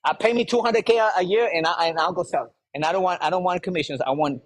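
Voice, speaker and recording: A man leading a sales workshop, giving an energetic motivational talk and firing rhetorical questions at the audience. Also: high-pitched, quick pace, a little hiss or hum, rough recording. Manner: acts out quoted people in lively voices.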